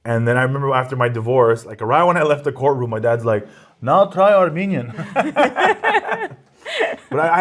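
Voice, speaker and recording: A man who is a comedian, chatting casually as an interview guest, telling stories with lots of restarts and laughs. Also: medium pitch. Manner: laughing, rambling storyteller with many restarts.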